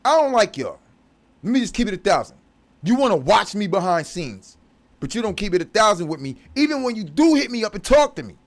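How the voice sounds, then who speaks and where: A man's voice: high-pitched, very animated, fairly quick. A man delivering a profane, confrontational religious rant as a vlogger. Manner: profane, aggressive, preachy.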